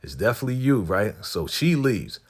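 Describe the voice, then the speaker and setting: Deep husky guy doing a chatty tv recap, keeps saying right? and acts out the lines. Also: fairly quick. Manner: animated, acts out characters' lines with playful voices. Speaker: recap host. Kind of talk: casual TV episode recap.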